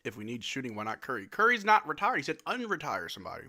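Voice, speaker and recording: A young man from Louisiana hosting a casual livestream, chatting and answering viewers' questions with quick laughs. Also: medium pitch, huge pitch swings, pushed and bright. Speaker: livestream host.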